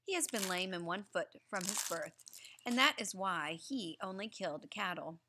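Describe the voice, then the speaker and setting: Woman reading a quiet, grave mother wolf, calm and wary. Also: medium pitch, normal speed.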